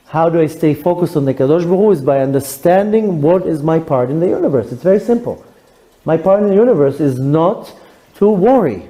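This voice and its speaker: A male rabbi giving a sermon, animated and humorous, acting out voices as he talks. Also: fairly high pitch, a little fast, low-quality recording. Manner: animated storyteller, acts out quotes with humor.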